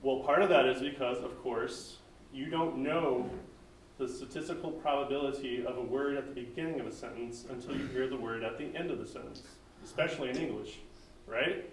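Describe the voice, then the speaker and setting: A man's voice: medium pitch, brisk, a little hiss or hum. An American man giving a casual technical talk at a meetup, conversational and full of ums and asides, recorded from a distant microphone. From United States. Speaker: presenter at a tech meetup. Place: meeting room, live-streamed. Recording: roomy and distant with faint room ambience.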